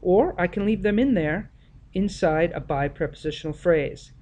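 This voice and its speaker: A male teacher giving an explanatory grammar lesson, speaking deliberately and stressing the key words of example sentences. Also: high-pitched, darkish tone, slight background noise.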